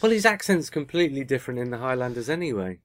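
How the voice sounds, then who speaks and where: A man's voice: medium pitch, sing-song, fast, no echo. Chatty man with a dry voice. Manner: chatty, self-correcting, teasing. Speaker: podcast co-host. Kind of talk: casual chat.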